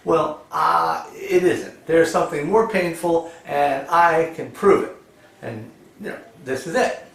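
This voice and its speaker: A man's voice: on the high side, unhurried, gravelly, fairly bright tone. A man telling old jokes in a rambling way, full of "you know" and laughing at his own punchlines. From United States. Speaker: joke teller. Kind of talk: casual joke telling. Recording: echoey room, voice a bit far from the mic.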